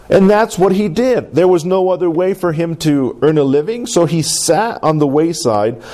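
A man preaching a sermon, animated and acting out the quoted cries with big swings in his voice. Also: a little high. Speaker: pastor.

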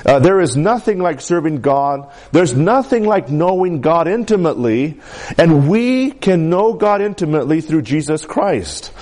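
Lively-voiced preaching man. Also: on the high side, measured pace. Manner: emphatic preaching with congregation call-outs. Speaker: pastor. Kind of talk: sermon.

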